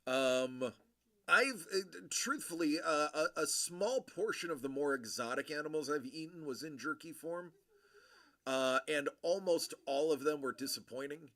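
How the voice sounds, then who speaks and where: A man hosting a livestream, chatting casually with viewers in a rambling, friendly way full of fillers and shout-outs. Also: a little high, unhurried. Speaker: livestream host.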